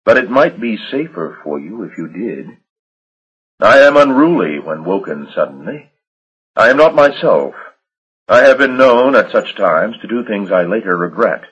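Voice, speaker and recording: A man voicing a pale, formal, coldly menacing gentleman who speaks in clipped, controlled commands. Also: fairly low pitch, big pitch swings, normal speed, breathy edge, dull audio, voice pushed up, exaggerated voice. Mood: stern formal.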